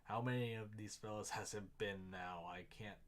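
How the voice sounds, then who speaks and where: A man reading aloud the lines of a gruff, mocking male gang boss, in his own plain voice. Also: fairly low pitch, fairly even intonation, normal speed, natural voice.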